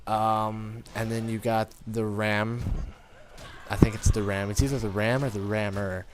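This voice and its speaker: A man's voice: on the low side, flat delivery, unhurried, background noise. A man giving casual gameplay commentary, rambling and informal, talking straight to his viewers. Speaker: gaming commentator.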